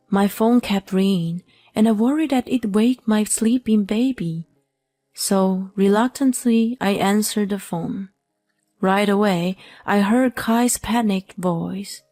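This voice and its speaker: A woman narrating a first-person story as scripted narration, in a slow, even manner. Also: medium pitch, dry recording.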